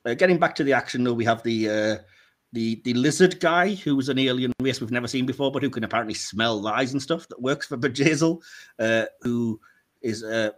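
Animated man ranting and laughing. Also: brisk. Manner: animated, laughs often, rants with rising pitch. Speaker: podcast co-host. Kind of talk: casual chat.

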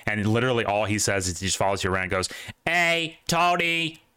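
A man's voice: fairly low pitch, steady tone, very fast, a bit bright, smooth, no echo, studio quality. A man co-hosting a casual gaming podcast, rambling with lots of fillers and restarts. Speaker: podcast co-host. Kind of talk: casual chat.

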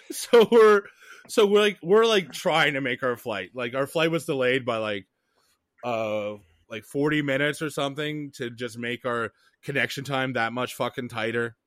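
A man's voice: medium pitch, a little slow, fairly bright tone, no room sound, studio quality. A man from Canada co-hosting a podcast, telling a travel story in a profane, ranting way. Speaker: podcast co-host. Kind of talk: casual chat.

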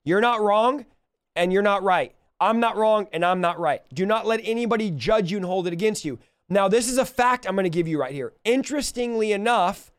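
Lively young preacher, high clear voice. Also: male voice, a little fast, no room sound. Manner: energetic, conversational, direct address to viewers. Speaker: preacher and podcast host. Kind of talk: verse-by-verse Bible teaching.

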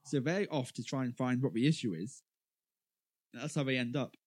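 A man's voice: mid-range voice, normal speed, no room sound. A man co-hosting a podcast, chatting about a film with wry, dry jokes. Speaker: podcast co-host. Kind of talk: casual film review chat.

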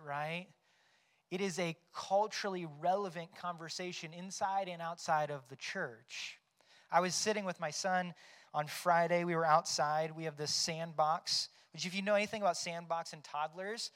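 High-voiced male pastor preaching. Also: fairly bright tone. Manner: conversational, tags points with "right?"; storytelling, acts out quoted lines. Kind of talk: sermon.

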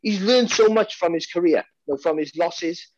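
This man, a boxing commentator with a Welsh accent, keeps restarting sentences and repeating words as he rambles through casual podcast chat. He speaks at a normal speed in a high, slightly mellow voice, and the audio is dull with no echo.

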